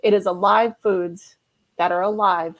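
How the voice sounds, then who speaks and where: A woman's voice: mid-range voice, steady tone, a little slow. Woman herbalist on a chat show, telling stories, doing little voices for people. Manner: storytelling, acts out quotes. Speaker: guest, herbalist. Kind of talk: casual chat.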